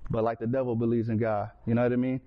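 A man's voice: medium pitch, little pitch movement, fast. A man telling his personal faith testimony in casual storytelling, earnest, with street slang and frequent restarts. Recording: slightly dull lo-fi recording.

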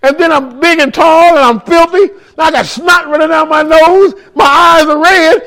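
A man in ministry giving a testimony sermon, telling his story in a raw, emotional, street-casual way, rising to shouts and speaking directly to the room. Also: extremely high pitch, moderate pace, hardly any pauses. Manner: addresses listeners directly in the room.

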